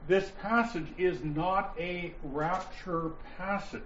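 A man teaching a Bible study class, explaining points deliberately and stressing key words, with listeners answering him. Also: high voice, fairly bright tone, slight background noise. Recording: roomy, dull lo-fi sound with faint ambience.

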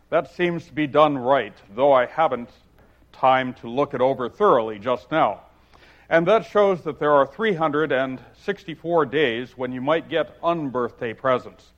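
A man putting on a loud, pompous talking egg. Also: mid-range voice, unhurried, lightly acted. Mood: scornful. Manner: loud, emphatic, lordly. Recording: dull lo-fi recording.

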